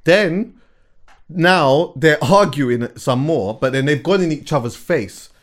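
A man hosting a podcast in casual chat, telling stories in an animated way and often repeating words as he gathers his thoughts. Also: on the high side, slow. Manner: animated storyteller, repeats words while thinking, laughs as he tells stories. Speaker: podcast host.

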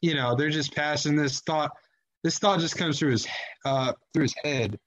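A man's voice: a little high, normal speed, a bit bright. A man co-hosting a casual sports chat, rambling along with lots of fillers and restarts. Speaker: podcast co-host.

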